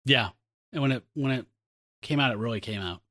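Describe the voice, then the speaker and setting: A man's voice: mid-range voice, fairly quick, sharp tone, no echo, clean studio sound. A man co-hosting a casual comic book podcast, recapping panels in a chatty way and laughing often. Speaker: podcast co-host.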